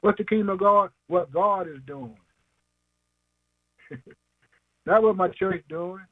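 Husky man preaching over a tinny line. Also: high-pitched, slow, no echo. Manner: emphatic call-and-response, asks and answers himself, chuckles often, slangy. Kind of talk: informal sermon.

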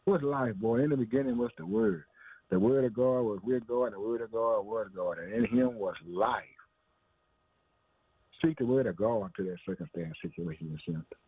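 A man's voice: fairly low pitch, moderate pace, breathy edge, no room sound. Preacher, man, loose conversational sermon, keeps saying "man" and "boy", thin phone-line sound, dry. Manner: repetitive, conversational, calls listener "man" and "boy". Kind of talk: informal preaching.

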